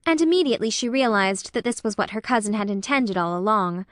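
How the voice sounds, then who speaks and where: A woman narrating a classic novel as an audiobook in a measured, expressive way. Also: mid-range voice, dry recording, studio quality.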